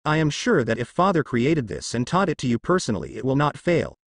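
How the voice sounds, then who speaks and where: A man's voice: mid-range voice, sing-song, brisk, dry recording, clean studio sound. A man voicing a dignified, formal male ape spirit with red horns.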